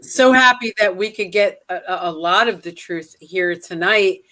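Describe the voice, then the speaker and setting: A woman hosting an interview, speaking earnestly with halting restarts. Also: medium pitch, bright, forceful tone.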